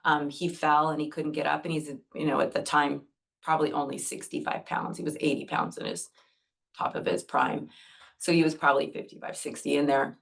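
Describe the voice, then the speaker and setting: A woman teaching Reiki on a group video call, speaking earnestly and gently as she guides breathing step by step. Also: low voice, little pitch movement, brisk, vocal fry. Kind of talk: gentle talk to an online group.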